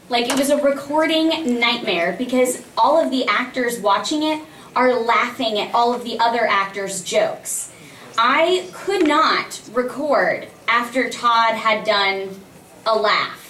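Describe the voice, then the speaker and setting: Animated woman in an echoey far-off hall. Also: fairly high pitch. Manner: animated storyteller who acts out quoted exchanges and laughs often. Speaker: voice actress guest on a convention panel. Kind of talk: casual audience Q&A. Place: large convention panel room. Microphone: filmed from the audience by a distant camera. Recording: echoey hall recorded from far off with faint hum.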